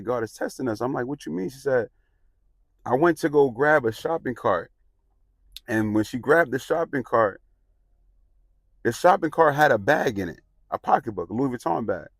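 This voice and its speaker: A man telling a personal story in a casual, animated way, acting out the quotes. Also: medium pitch, vocal fry, no room sound. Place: outdoors in the sun.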